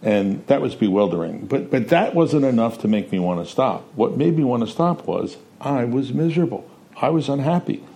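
A man's voice: mid-range voice, expressive, moderate pace, creaky, mellow. A man candidly reflecting on his own recovery, growing emphatic at points. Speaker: panelist. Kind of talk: personal testimony in a talk show.

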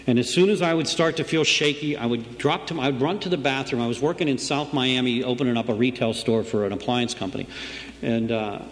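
A middle-aged man telling his recovery story to a group in a conversational storytelling way, often asking "right?". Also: mid-range voice. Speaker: recovery meeting speaker. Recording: long reverb in a room, faint background noise.

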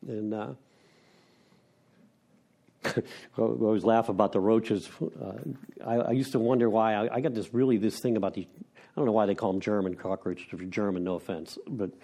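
Middle-aged man, mellow tone, frank rambling recovery-meeting share with wry laughs. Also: on the low side, gravelly. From Pennsylvania. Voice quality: rambling, with restarts and self-deprecating laughs. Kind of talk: candid personal share.

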